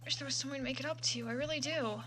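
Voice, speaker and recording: A woman's voice: high-pitched, very fast, pushed and bright, voice pushed down. A woman reading out the lines of a loyal, worried male police detective, in a subdued, apologetic way. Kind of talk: reading game dialogue aloud.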